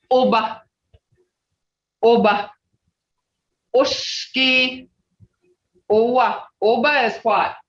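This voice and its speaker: A language teacher giving a slow, repetitive pronunciation lesson over a video call, often checking in with "okay?". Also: medium pitch, fairly bright tone. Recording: roomy, muffled video-call audio.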